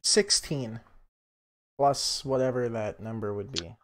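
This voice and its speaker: A man playing a tabletop game, speaking quietly and wryly in character and out. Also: mid-range voice, slow, a little hiss or hum. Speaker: player. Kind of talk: casual tabletop play.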